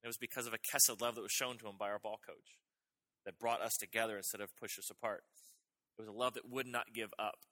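A man's voice: fairly low pitch, steady tone, fast talker, pushed and bright. A middle-aged male pastor preaching a sermon, emphatic and repetitive, pressing his main points again and again. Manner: emphatic, repetitive preaching with rising intensity on key phrases.

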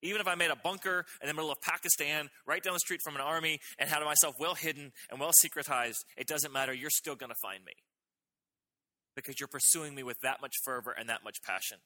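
Fairly high-pitched, bright and pushed, this middle-aged pastor talks fast as he delivers his sermon. He hammers his main points repeatedly and emphatically, building intensity on the key phrases.

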